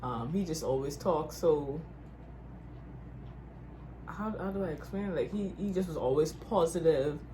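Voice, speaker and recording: Woman, Bahamian accent, young adult, chatty, giggly, slightly low voice. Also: a little slow, pauses often, background noise. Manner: giggly, chatty, laughs often. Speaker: YouTube couple co-host. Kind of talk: casual couples Q&A chat.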